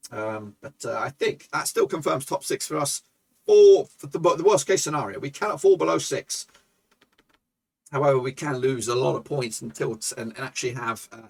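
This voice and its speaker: A man commentating his own football management game for viewers, excitable and swearing, shouting at goals. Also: mid-range voice, creaky, slightly rough, recorded from a distance. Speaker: gaming YouTuber.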